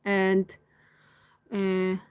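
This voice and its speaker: A woman, not a native English speaker, telling a personal story in a reflective monologue and often pausing to search for words. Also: mid-range voice, completely flat delivery, clear, resonant tone, dry recording. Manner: thoughtful, pauses to search for words. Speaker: vlogger.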